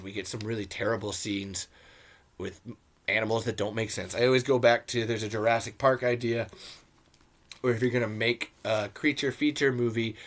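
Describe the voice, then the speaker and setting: A man's voice: fairly low pitch, fairly bright tone. Rambling, profane male podcast host. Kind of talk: casual movie commentary.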